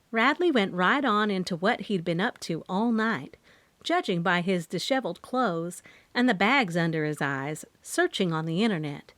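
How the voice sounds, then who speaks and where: Expressive woman audiobook narrator. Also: mid-range voice, measured pace, no echo. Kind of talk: first-person audiobook narration.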